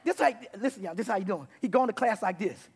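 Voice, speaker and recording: High gravelly man preaching rough and abrupt. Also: quick pace. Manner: bursts into loud, excited passages. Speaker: guest preacher. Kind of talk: testimony sermon. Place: church sanctuary before a congregation.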